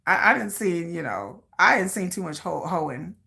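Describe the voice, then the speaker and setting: A woman's voice: fairly low pitch, normal speed, vocal fry. A woman hosting a casual livestream, chatting with viewers in a dramatic, playful rant and laughing often. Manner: animated, laughing, reacting to viewer comments. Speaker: livestream host.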